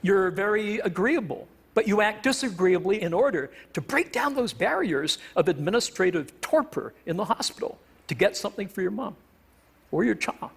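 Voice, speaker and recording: A man from Canada lectures on stage with a noticeably high-pitched voice. He is a professor with a wry, self-deprecating humor and a playful turn of phrase. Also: lively intonation, normal speed, creaky, slightly rough. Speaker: professor giving a stage talk.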